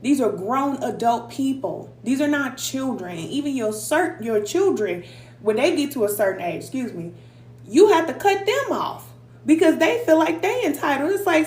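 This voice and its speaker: A woman's voice: high voice, expressive, normal speed, darkish tone. A woman giving a motivational spiritual self-help talk to viewers, emphatic and repeating short affirmations in a conversational way. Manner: conversational, addresses viewers directly. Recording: echoey room with faint hum.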